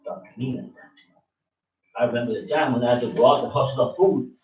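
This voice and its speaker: Still preaching informally, the religious teacher speaks fast in a mid-range voice, addressing a listener with blunt, slangy confrontation. The recording remains distant, roomy, and dull.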